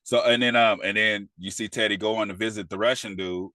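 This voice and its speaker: A man's voice: lowish voice, steady tone, fairly quick, bright, forceful tone, dry recording. A man co-hosting a casual TV review podcast, retelling scenes with profane slang and acting out the characters' lines. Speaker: podcast co-host.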